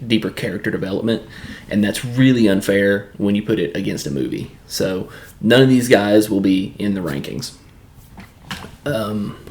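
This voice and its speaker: A man from Tennessee with a Southern accent talks through a casual video review, rambling and restarting often. His voice sits a little low. A gravelly fry runs through his speech. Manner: rambling, loose, many fillers and restarts.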